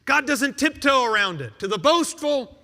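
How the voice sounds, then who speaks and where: A male pastor preaching a sermon in a conversational, emphatic way, with quick rebuttals. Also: very high voice, lively intonation, creaky, bright, forceful tone, in a large hall.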